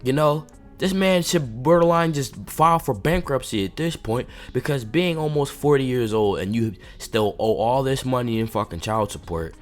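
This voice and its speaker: A man's voice: mid-range voice, normal speed. A man hosting a commentary video, a father speaking in a heated, indignant rant. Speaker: commentary channel host. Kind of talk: reaction commentary. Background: faint background music.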